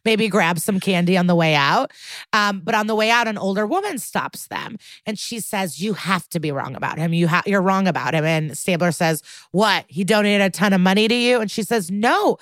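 A woman's voice: mid-range voice, normal speed, dry recording. A woman co-hosting a podcast, casually retelling a TV episode and laughing often. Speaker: podcast co-host. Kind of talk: casual recap chat.

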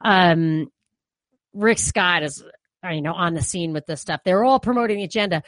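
A woman from New York with a New York accent, co-hosting a casual political talk show and talking in an animated, opinionated way full of "you know" fillers. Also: fairly low pitch, normal speed, dry recording.

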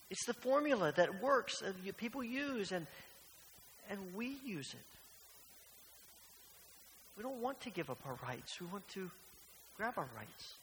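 A man's voice: high-pitched, fairly bright tone. A man preaching a sermon as pastor, earnest and questioning, often repeating phrases. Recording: long hall reverb, faint hiss.

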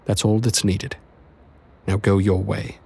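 A man voicing a calm, wise exiled queen, speaking slowly and gently. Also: fairly low pitch, vocal fry, slightly rough, exaggerated voice. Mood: calm regal. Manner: slow, measured, gentle delivery.

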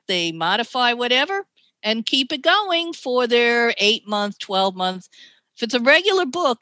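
A middle-aged woman with a New York accent, a ghostwriter telling animated stories in a podcast interview. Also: fairly high pitch, dry recording. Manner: animated storytelling, chatty, laughs often. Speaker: ghostwriter guest.

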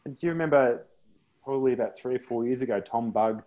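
A man co-hosting a podcast, talking in a thoughtful way with many pauses and fillers. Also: medium pitch, dark tone, muffled recording. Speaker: podcast co-host. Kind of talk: casual panel chat.

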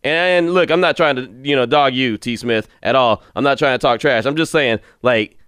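A man's voice: medium pitch, moderate pace, a bit bright, smooth, no room sound, studio quality. A man hosting a fan podcast, talking casually and frankly about callers' ideas. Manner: chatty, frank and joking. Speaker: podcast host.

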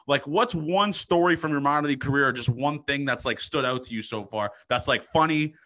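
A man hosting a casual podcast, asking rambling questions full of fillers with lively energy. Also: mid-range voice, brisk. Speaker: podcast host.

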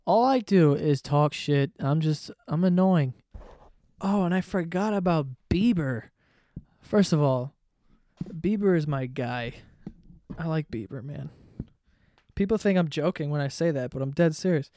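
A man's voice: on the high side, a little slow, long pauses, warm tone, no room sound. Male podcast host, profane and sarcastic rambler, dry close recording, resonant tone. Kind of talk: casual comedic rant.

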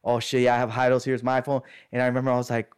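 A man's voice: mid-range voice, completely flat delivery, racing, clear, resonant tone. A man casually telling friends a long story, rambling and slangy, acting out what others said. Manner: rambling, slangy, acts out quoted voices. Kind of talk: casual chat.

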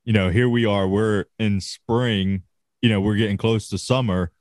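A man's voice: on the low side, steady tone, moderate pace, a little mellow, no room sound, clean studio sound. A man chatting casually on a podcast, swearing freely and laughing often. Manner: profane, laid-back, laughs often. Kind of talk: casual chat.

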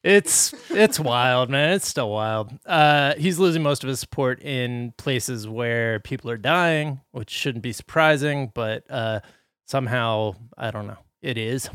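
A man co-hosting a comedic podcast, joking and animated as he introduces guests and topics. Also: medium pitch, unhurried, clean tone, no echo, studio quality. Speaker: podcast co-host.

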